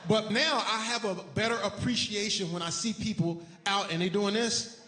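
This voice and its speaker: A middle-aged man performing a stand-up routine, telling a story with animated swings into a high excited voice. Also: moderate pace. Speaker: stand-up comedian. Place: large live venue. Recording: echoey hall with loud crowd. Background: audience laughter and noise.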